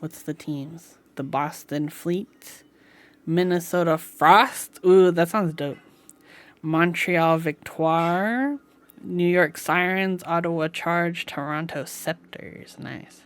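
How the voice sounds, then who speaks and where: Her fairly low, resonant voice comes through clearly as she takes her time chatting with viewers during a live stream at home. Reading the live chat, she keeps things casual, laughing easily and often saying "like."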